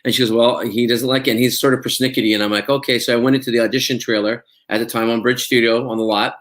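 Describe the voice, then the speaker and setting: A male actor being interviewed, telling stories in a relaxed way, acting out quoted dialogue with plenty of fillers. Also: mid-range voice, quick pace. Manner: anecdotal, acts out quoted dialogue, many fillers. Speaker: actor guest. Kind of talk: casual interview storytelling.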